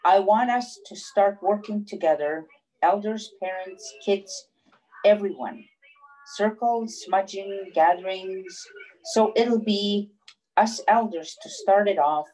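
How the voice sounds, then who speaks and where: A woman's voice: mid-range voice, a little mellow, close to an everyday voice, poor audio. An older woman reading as a heartfelt elder. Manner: slow, heartfelt speech reading. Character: earnest elderly woman giving a community speech. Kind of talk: amateur play rehearsal reading.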